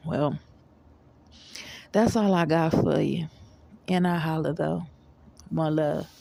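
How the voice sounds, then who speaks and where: A woman's voice: deep voice, steady tone, slow pace, vocal fry, warm tone. A woman vlogger giving a casual motivational monologue in a rambling, repetitive, emphatic way.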